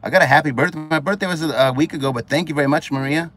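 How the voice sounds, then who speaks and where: Hosting a live stream outdoors at a marina at sunset, an upbeat Californian man chats casually and reads viewer comments, greeting people by name one after another. His voice is fairly high, a bit bright, and he talks at a racing speed.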